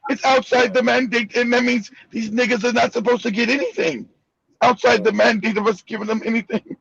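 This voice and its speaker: A man's voice: very high voice, fairly even intonation, brisk, gravelly, a bit bright, breathy edge, no room sound, muffled recording. A man hosting a show, reacting to news clips with blunt, profane, mocking commentary and a lot of repetition. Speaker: host.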